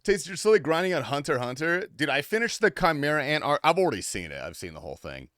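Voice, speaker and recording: Male streamer, casual and foul-mouthed, with animated pitch and a dry, deadened sound. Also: fast, no echo. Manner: crude, swears freely, rambling and offhand. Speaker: game streamer. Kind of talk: casual livestream chat.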